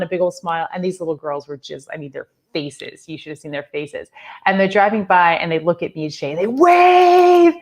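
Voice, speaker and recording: Woman, spiritual teacher, slightly low voice, chatty storyteller who laughs a lot. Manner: chatty, laughing, lots of "like" and "you know".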